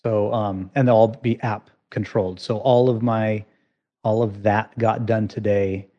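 A man's voice: on the low side, level tone, unhurried, dark tone, highs cut off. A man appearing as a guest on a podcast in casual chat, rambling and restarting with many fillers.

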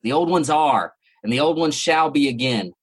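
A man voicing a guttural, slurping, hissing creature from the abyss, speaking slowly and ominously. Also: on the high side, lively intonation, husky.

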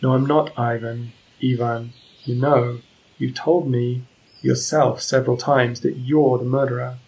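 A man reading aloud as a gentle, earnest young man who speaks quietly but firmly. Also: medium pitch, little pitch movement, unhurried, husky, low-quality recording. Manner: quiet, near whisper, firm.

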